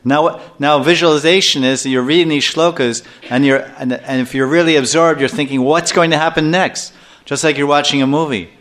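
An older man giving a scripture class lecture as a spiritual teacher, telling stories in a lively way and acting out little scenes. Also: mid-range voice, a little fast, few pauses. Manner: animated storyteller who acts out scenes and chuckles often.

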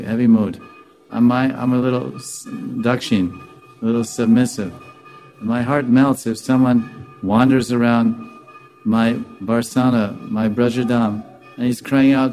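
A compassionate divine young woman with a melting heart speaks tenderly and earnestly, in a voice raised a little above the teller's own, as a man puts her on. Her gravelly, mellow tone stays gentle. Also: mid-range voice, close to an everyday voice, rough recording.

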